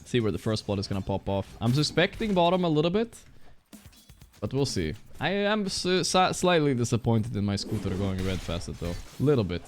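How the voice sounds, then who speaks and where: A man's voice: medium pitch, sing-song, a little fast, soft background music. A man streaming and reacting to a match, talking loosely with viewers and swearing. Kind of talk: casual stream commentary.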